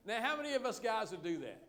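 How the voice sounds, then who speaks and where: High-voiced folksy pastor. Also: male voice, a bit bright. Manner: folksy, joking with the congregation. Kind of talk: sermon.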